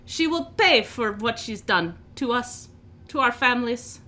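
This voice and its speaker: Vengeful male orc, loud and bitter, played by a woman, a high, raised voice. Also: lively intonation, measured pace. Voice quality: loud and angry.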